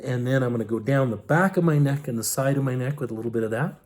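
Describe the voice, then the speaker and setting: Brief: man, mid-pitched, folksy teacher demonstrating on himself, chatty, lots of fillers. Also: fast, darkish tone. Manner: casual, folksy, with many fillers and "okay?" check-ins. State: eyes tearing up from ointment vapors. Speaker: herbal health teacher. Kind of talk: hands-on demonstration lesson.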